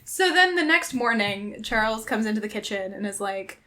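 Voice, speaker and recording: Woman podcast co-host, bright and a bit high, animated storyteller who acts out the lines. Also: moderate pace. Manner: animated retelling, acting out characters' lines with frequent laughter. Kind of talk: casual chat retelling a fanfic.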